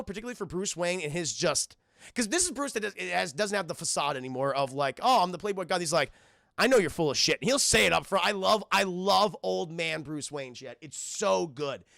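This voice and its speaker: A man's voice: sits high, animated, normal speed, gravelly, pushed and bright, dry recording, clean studio sound. A young man casually recapping a cartoon for his stream chat, rambling and swearing. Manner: rambling, profane, addresses chat constantly.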